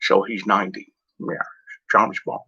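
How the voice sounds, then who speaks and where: A man's voice: low-pitched, little pitch movement, a little slow, gravelly, pushed and bright, slightly rough. A man chatting casually in a meandering way, full of "like" and "you know" and correcting himself as he goes. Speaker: vlogger. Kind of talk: casual rambling chat. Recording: dull lo-fi home recording.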